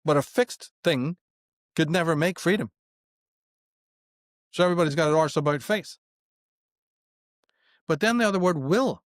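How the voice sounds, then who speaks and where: A man's voice: fairly high pitch, moderate pace, pauses often, dry recording, clean studio sound. A middle-aged man, talking philosophy in an emphatic, profane way, full of rhetorical questions. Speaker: interviewee. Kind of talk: philosophical conversation.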